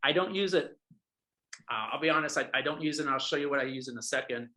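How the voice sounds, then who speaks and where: A realtor talks casually to a group of agents, and his voice has a forceful, bright edge. He keeps checking in with "right?" and "all right?" and trips into restarts and fillers as he goes. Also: on the high side, fast, rough recording. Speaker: realtor coaching other agents. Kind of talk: casual training talk.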